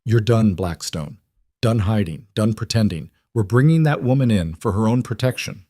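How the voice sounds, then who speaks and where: A man voicing a loud, self-righteous older male town leader who lectures in a preachy, accusing way. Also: on the low side, lively intonation, normal speed, no echo, clean studio sound.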